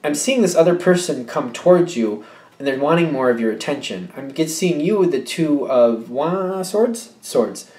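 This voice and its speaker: A man with a fairly high, slightly mellow voice gives a casual tarot reading at a moderate, animated pace. He muses aloud, often catching and correcting himself with short hesitations and light laughs. The room he's in is echoey.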